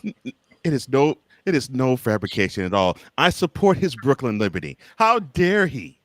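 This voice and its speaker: A man's voice: sing-song, normal speed, no room sound. A man co-hosting a sports podcast, teasing and giggling. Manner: teasing, giggly, swoops high when laughing. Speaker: podcast co-host. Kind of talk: casual sports podcast banter.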